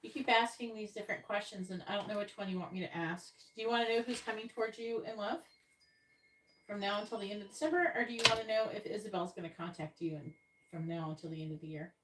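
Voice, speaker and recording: A woman's voice: medium pitch, echoey room. Woman psychic reading live to viewers, patient but a little exasperated, recorded a bit off-mic with faint hiss. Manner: talks to viewers, repeats and spells out signs, letters and numbers slowly. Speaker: psychic reader on a live stream. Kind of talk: live-stream card reading. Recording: slightly distant mic with faint noise.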